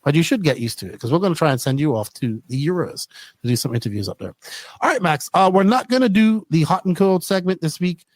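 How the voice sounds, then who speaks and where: A man hosting a podcast in casual, rambling talk, often excited. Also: fairly high pitch, fast, no room sound. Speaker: podcast host.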